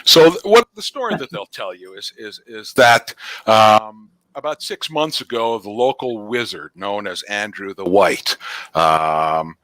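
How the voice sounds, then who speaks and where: A man's voice: on the low side, lively intonation, a little slow, bright, forceful tone, no room sound. A man narrating a tabletop game as game master, rambling with fillers and restarts.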